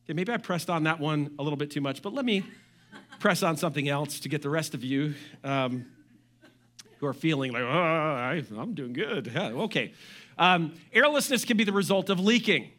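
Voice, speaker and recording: A middle-aged man preaching a sermon as pastor, animated, with joking asides and quoted voices. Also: a little high, brisk.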